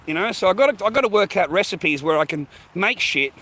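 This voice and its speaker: Here a high-pitched, pushed and bright voice belongs to an Australian man vlogging as he walks outside. He's animated and fairly quick, rambling through a profane, slangy rant and sounding a bit breathless.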